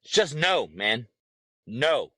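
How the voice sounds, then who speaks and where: A man's voice: medium pitch, very animated, slow, a bit bright, no room sound. A man hosting a podcast, delivering a heated, profane monologue and lecturing his listeners. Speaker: podcast host.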